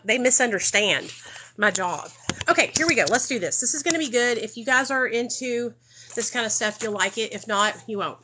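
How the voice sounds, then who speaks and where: In a home room with children nearby, an Arkansas woman with a slightly high voice talks directly to her livestream viewers about addiction recovery. She's chatty and keeps asking "okay?", with background noise audible.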